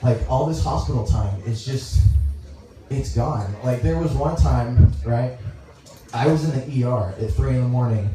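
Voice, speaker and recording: A young man from Dallas doing a stand-up comedy set, rambling, halting and crude as he talks to the crowd on a club stage. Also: medium pitch. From Dallas, Texas. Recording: echoey room, mic heard from far off.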